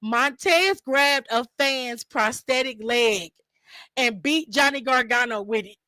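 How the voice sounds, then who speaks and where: A woman's voice: a little high, slow pace, pushed and bright, dry recording. A young woman hosting a casual live-stream aftershow, chatty and laughing often, talking straight to her viewers from home.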